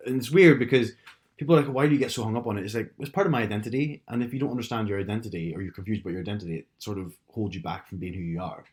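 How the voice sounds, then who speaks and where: A young man with a Northern Irish accent talks in a relaxed podcast chat. His voice sits fairly low, and he explains things at length, stopping and restarting as he goes. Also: rapid-fire. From Northern Ireland. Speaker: podcast co-host. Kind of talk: casual chat.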